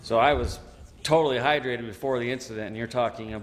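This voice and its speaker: This is a Michigan veteran in his forties giving an oral history interview, animatedly acting out others' words and saying "you know" frequently. He talks at a quick pace with a medium-pitched voice. There's a long reverb tail and slight background noise.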